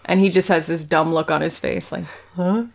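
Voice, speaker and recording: A woman's voice: low-pitched, a little fast, creaky. A woman co-hosting a podcast, animatedly recapping an episode and acting out the characters' lines with giggles. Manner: animated retelling, acts out quotes, giggly. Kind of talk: casual chat.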